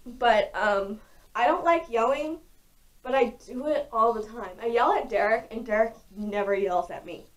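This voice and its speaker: Loud, frank young woman vlogger. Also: a little high, normal speed. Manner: talks loudly and frankly, with many fillers. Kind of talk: casual chat to camera. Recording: voice distant from the mic.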